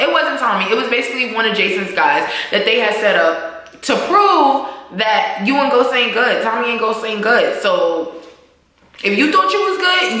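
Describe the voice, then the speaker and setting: Young woman, animated TV recap vlog, slangy and swearing, bright forceful tone, very echoey room. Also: fairly high pitch. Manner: animated, acts out characters' lines while recapping. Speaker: TV recap vlogger. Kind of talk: casual TV recap.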